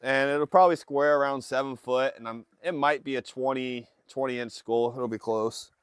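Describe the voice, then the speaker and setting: A man's voice: mid-range voice, moderate pace, clear, resonant tone, dry recording. A man hosting a casual livestream from a fishing boat, telling a story and acting out his family's voices. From Alaska. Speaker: livestream host. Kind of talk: casual storytelling to live chat. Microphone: phone livestream.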